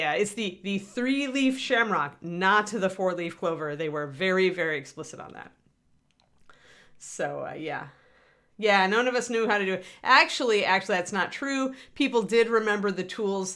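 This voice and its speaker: A middle-aged woman hosts a casual livestream, painting miniatures while she rambles and answers viewers. Her voice is lowish and a bit bright.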